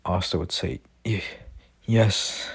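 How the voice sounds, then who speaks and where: A man's voice: low-pitched, fairly even intonation, slow, husky. A young man casually retelling his own fan story, rambling with many fillers and restarts. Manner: reads character lines quietly without voices.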